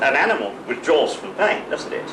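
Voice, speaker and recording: A man's voice: a little high, big pitch swings, brisk. An Englishman with an English accent, interviewing in a hesitant, courteous way with many fillers. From England. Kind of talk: philosophical conversation. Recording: echoey room, mic far off, background noise.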